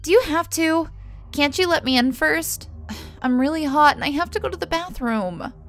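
A woman voicing a sweet-seeming young girl with a hidden anger, in a high, chirpy, wheedling voice. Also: normal speed, fairly bright tone, faint music behind. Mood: pleading. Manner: pleading, wheedling.

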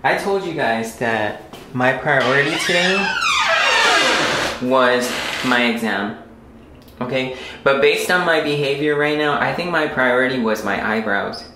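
A man's voice: mid-range voice, a little slow, noisy background. A young man talking casually to his camera at home as a vlogger, rambling with lots of fillers. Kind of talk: casual vlog talk to camera. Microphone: camera mic. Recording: roomy camera audio.

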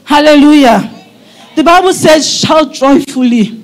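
A middle-aged woman pastor preaching a sermon at a church service, fervent and often breaking into shouts. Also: high voice, a little slow, faint music behind.

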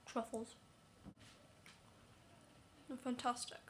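A woman's voice: a little high, flat delivery, drawn-out words, a bit bright, a little hiss or hum. A young woman giving a casual movie review vlog, chatty and apologetic, often dropping to a whisper for asides. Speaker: vlogger.

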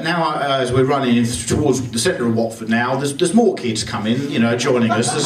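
A man performing a stand-up comedy set in a club, telling rambling self-deprecating stories. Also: fairly high pitch. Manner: rambling anecdotal delivery with self-deprecating asides. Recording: echoey club from far off with loud crowd. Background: audience laughter.

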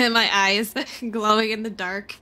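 A woman's voice: medium pitch, steady tone, slow, pushed and bright. A woman streaming a game playthrough, playful and cutesy, chatting to chat and meowing at characters.

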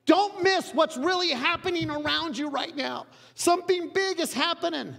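A pastor voicing an overjoyed father in a parable, excited and urgent. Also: normal speed, vocal fry, exaggerated voice. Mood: pleading. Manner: excited, high-pitched and urgent. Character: overjoyed fatherly man throwing a party. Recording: long church hall reverb.

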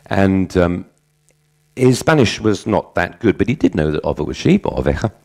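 A middle-aged man with a notably low voice gives a conference talk. He speaks conversationally and breaks into anecdotes. He often restarts his sentences mid-thought. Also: very animated, moderate pace, vocal fry, a little mellow. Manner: conversational, tells anecdotes with self-corrections. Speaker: conference speaker on language teaching.

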